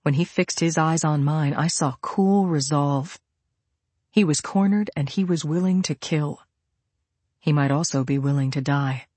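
A woman reading a first-person thriller audiobook in a steady, measured way. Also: deep voice, no room sound. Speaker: audiobook narrator.

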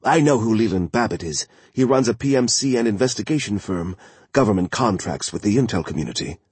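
Man putting on a crisp lady reporter, slightly raised pitch, husky, dry. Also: lively intonation, a little mellow, dry recording. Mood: brisk. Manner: brisk, sleepy at first then wide awake. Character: sharp female national security reporter.

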